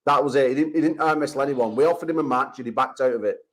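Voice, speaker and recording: A man's voice: medium pitch, racing, poor audio. An English man hosting a call-in chat show, talking in brash, profane trash-talk banter. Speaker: host.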